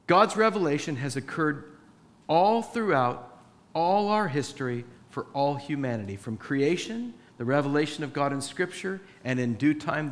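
A man preaching a sermon in a church, conversational, acting out little dialogues. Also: mid-range voice. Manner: conversational, acts out dialogue with his wife. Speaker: pastor. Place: church with a sound booth. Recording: reverberant church hall.

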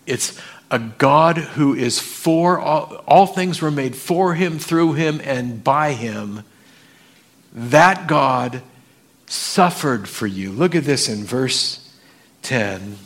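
A man's voice: medium pitch, slow, fairly bright tone. A man preaching a sermon, reading scripture aloud and asking the congregation questions. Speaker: pastor.

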